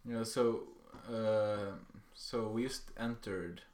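A young man co-hosting a podcast in casual chat, relaxed and swearing, laughing easily. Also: lowish voice, slow. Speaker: podcast co-host. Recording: echoey room.

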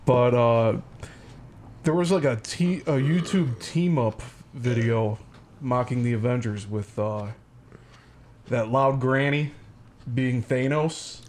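A man's voice: medium pitch, takes it slowly, long pauses, darkish tone, a little hiss or hum. A man guesting on a podcast in casual chat, rambling and hesitant with many fillers.

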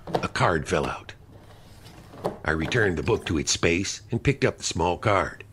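Deep-voiced man narrating a mystery. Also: a bit bright, slight background noise. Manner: dry, measured storytelling. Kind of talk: first-person audiobook narration. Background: music.

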